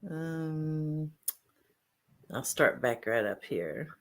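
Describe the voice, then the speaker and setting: A woman's voice: low-pitched, lively intonation, very slow, a little hiss or hum. A woman hosting a casual fishing livestream, reading out chat names and greeting viewers. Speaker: livestream host.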